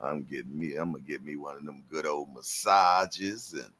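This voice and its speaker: A man's voice: extremely low pitch, fairly even intonation, moderate pace, bright, forceful tone. A man in his fifties hosting a live stream, chatting casually with viewers in laid-back slang and laughing often. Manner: laughs often between lines.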